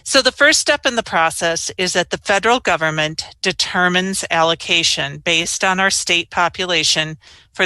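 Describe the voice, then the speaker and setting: A middle-aged woman gives measured, explanatory briefing remarks as a state health official. Her voice is bright and forceful, and it sits dry and close to the microphone with no room sound around it. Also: fairly low pitch, dry recording.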